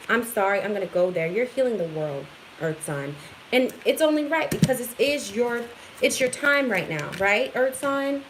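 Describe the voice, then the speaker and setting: Woman tarot reader, fairly high voice, upbeat and affirming, noisy home recording. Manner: excitable, affirming, addresses viewers directly. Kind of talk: casual tarot reading to camera.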